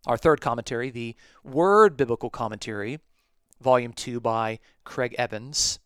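A man hosting a talk podcast, reading from commentaries and explaining them in a measured way. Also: medium pitch, fairly bright tone, clean tone, dry recording. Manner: measured, explanatory, quotes sources aloud. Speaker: podcast host.

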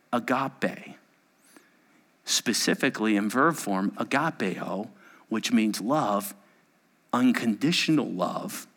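A man in his forties preaching a sermon as a pastor, animated and quick to act out the people he describes. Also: mid-range voice. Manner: animated, acting out quoted people in quick impressions.

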